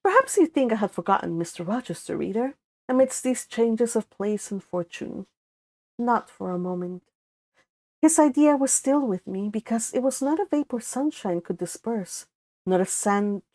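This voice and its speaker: A young woman with a Spanish accent reads a classic novel aloud at a calm, unhurried pace. Her voice sits in an ordinary middle register for a woman. She keeps a plain, even reading voice and pauses now and then to correct a slip. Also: medium pitch. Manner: unhurried reading, breaking off for casual asides and corrections. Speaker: audiobook reader.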